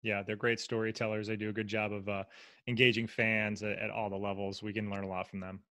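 A man hosting a casual interview, asking relaxed, easygoing questions. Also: on the low side, brisk. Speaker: interview host.

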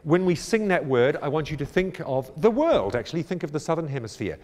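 A man directing a choir rehearsal, brisk and encouraging, with jokey asides, and he sings out phrases to demonstrate. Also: on the high side, big pitch swings, a little mellow. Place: church or large hall. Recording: long hall reverb.

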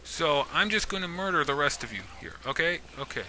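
Gaming YouTuber, male, bright and sharp tone, playful mock threats at mobs. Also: on the high side, lively intonation, brisk, slight background noise. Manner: talks to game mobs, mock-menacing and jokey. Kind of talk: casual let's-play commentary.

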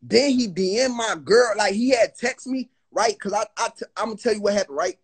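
Young guy ranting on a live phone call, high voice kinda husky, keeps restarting. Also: brisk. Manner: agitated, restarts, profane, retells quotes. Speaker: guest on a livestream. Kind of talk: heated casual storytelling. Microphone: phone on a live video call.

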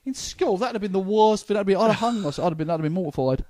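A man co-hosting a comedy podcast, telling crude stories in a lively, animated way. His voice sits a little high but sounds mellow and warm. The recording is dry and close, with no room echo. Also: racing. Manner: animated, crude storytelling with swearing. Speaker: comedian co-host. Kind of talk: casual comedy podcast chat.

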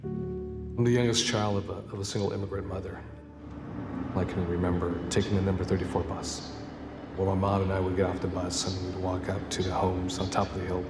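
Man, low monotone voice, earnest story, roomy echo, music. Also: brisk. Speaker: political candidate in an ad. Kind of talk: campaign ad speech.

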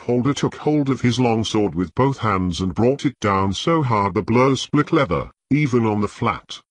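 Husky low-voiced male audiobook narrator. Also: expressive, normal speed, no room sound.

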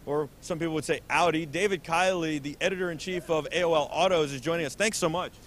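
Brief: upbeat male host, slightly high voice, faint hall rumble behind. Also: fast. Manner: eager, animated, repeats words. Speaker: auto show host. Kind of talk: enthusiastic interview. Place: busy convention hall booth.

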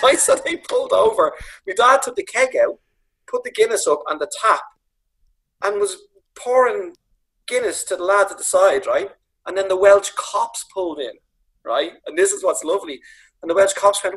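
A Dublin man on a video call, telling lively anecdotes about his late father, acting out voices and swearing freely. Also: high voice, moderate pace, slightly rough, low-quality recording. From Ireland. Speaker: comedian guest. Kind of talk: casual storytelling on a video call.

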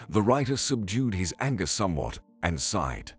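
A man narrating a scripted family drama story in a calm, even way. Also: sits low, normal speed, soft background music.

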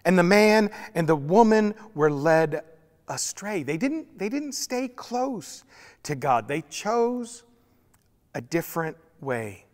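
A man's voice: high voice, very animated, slow. A male pastor giving a sermon, telling the story with humor and acting out voices. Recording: long reverb in a church hall.

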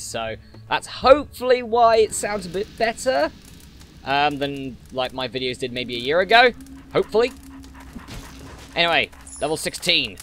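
A man's voice: mid-range voice, fairly bright tone. A man casually commenting on his gameplay in a chatty, playful way, talking at enemies as he goes, recorded on a desktop mic at home. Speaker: gaming channel host. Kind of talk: let's play commentary. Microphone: desktop mic with noise suppression.

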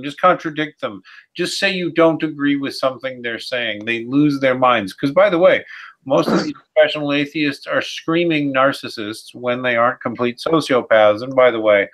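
A man's voice: mid-range voice, fairly bright tone. A man hosting a casual podcast discussion, emphatic and combative, calling on each guest in turn. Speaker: host. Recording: muffled lo-fi audio.

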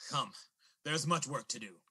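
Improv comedy: old kung fu mentor, played by a man, commanding, husky tone. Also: mid-range voice, lively intonation, unhurried, sharp tone, pitched below the performer's own voice, exaggerated voice. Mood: solemn. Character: wise old male martial arts master.

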